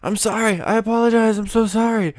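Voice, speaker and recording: Guy putting on a high squeaky confused dude, begging sorry over and over. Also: steady tone, fairly quick, darkish tone, close to an everyday voice. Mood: flustered. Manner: high-pitched, flustered and pleading. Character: bewildered apologetic young man.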